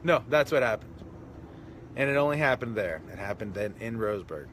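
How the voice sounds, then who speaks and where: A man's voice: on the low side, animated, fairly quick, a bit bright, slight background noise. A man, a comedian, chatting casually on a live stream, reading comments with self-mocking, mock-indignant jokes.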